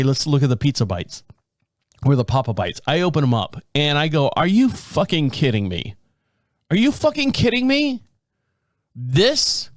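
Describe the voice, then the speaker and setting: In his home studio, a middle-aged podcast host rants alone, telling exasperated, rambling stories and swearing freely. The fairly high voice has no echo and a dry, close studio quality.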